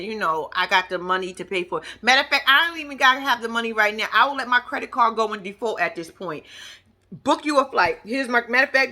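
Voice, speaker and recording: Brash, animated woman ranting. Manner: animated, brash, profane, mimics people in high voices. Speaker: reality TV commentator. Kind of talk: casual reaction commentary.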